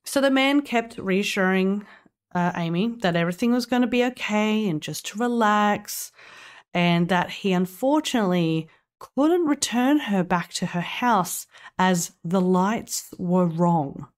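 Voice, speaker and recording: A woman's voice: medium pitch, lively intonation, measured pace. A woman co-hosting a podcast, casually telling a story, swearing now and then and laughing along. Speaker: podcast co-host.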